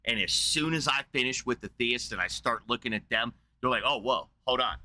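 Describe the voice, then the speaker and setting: A man's voice: medium pitch, fairly quick, sharp tone. A man streaming a casual, profane rant in a blunt, combative way.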